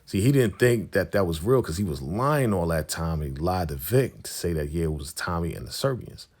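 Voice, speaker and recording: A man's voice: sits low, animated, moderate pace, darkish tone. A man casually recapping a TV episode, retelling scenes and acting out the characters' lines in a slangy voice. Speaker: recap host.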